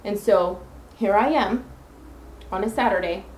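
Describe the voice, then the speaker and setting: A woman's voice: medium pitch, unhurried, darkish tone, reverberant, a little hiss or hum, low-quality recording. A woman hosting her own podcast alone, talking earnestly into her phone and rambling through self-affirmations. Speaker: podcast host. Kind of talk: solo podcast monologue.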